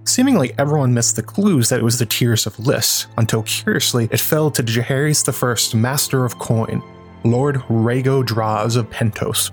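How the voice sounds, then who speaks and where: A man narrating a lore video, explaining events in a steady, analytical way. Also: medium pitch. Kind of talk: scripted narration.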